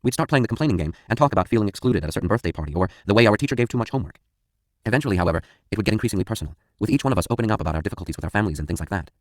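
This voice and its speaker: A man narrating a first-person audiobook with a very low voice. He reads at a rapid, matter-of-fact clip. The booth sound is dry and close. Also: animated, dry recording.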